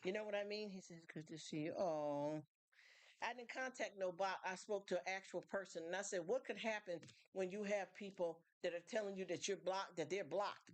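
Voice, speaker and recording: A middle-aged woman hosting a live stream, talking candidly and emphatically to her chat. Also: medium pitch.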